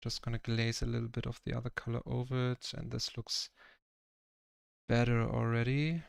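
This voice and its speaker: A man's voice: mid-range voice, little pitch movement, normal speed, gravelly, clean tone, dry recording. A young man from Germany with a German accent, chatting casually and rambling with lots of fillers while he paints live on stream. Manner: rambling, filler-heavy, self-conscious about his English. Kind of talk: casual livestream chat.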